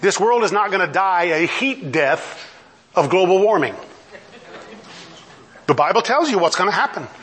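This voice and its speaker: A man's voice: sits high, expressive, moderate pace, long pauses, a bit bright. A middle-aged man preaching a sermon, emphatic, firing off mocking rhetorical questions and laughing often. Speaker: pastor.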